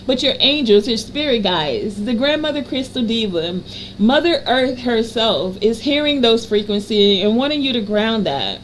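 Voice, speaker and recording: A woman giving a card reading to a general audience, in a soothing, affirming voice that stacks phrases in repetitive lists and slows down to stress key words. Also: on the high side, very animated, a little hiss or hum, rough recording. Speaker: energy reader and healer.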